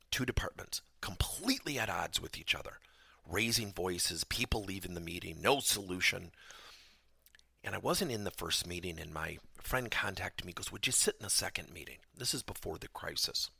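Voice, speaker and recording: Gravelly, animated man teaching a podcast lesson. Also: low voice, normal speed, dry recording, clean studio sound. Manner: animated storytelling, acts out dialogue in raised voice. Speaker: podcast host and trainer.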